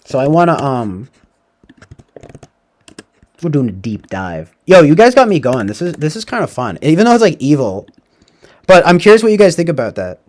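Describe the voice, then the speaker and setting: Man, livestream host, casual rambling chat, profane, slightly high voice. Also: big pitch swings, moderate pace, pauses often, a little mellow. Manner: rambling, profane, lots of "like" and "right?". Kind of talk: casual livestream movie talk.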